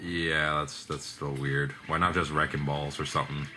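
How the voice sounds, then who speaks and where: A man's voice: rumbling low, level tone, moderate pace. A young man giving casual, joking, sarcastic and profane commentary while playing a video game with his sister. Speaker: let's play gamer. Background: game music.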